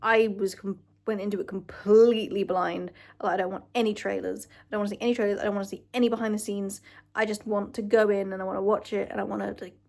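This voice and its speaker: Young woman vlogger, casual gushing chat, emotional, swears a lot, mid-pitched voice. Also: flat delivery, quick pace, gravelly, darkish tone. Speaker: vlogger ranking films.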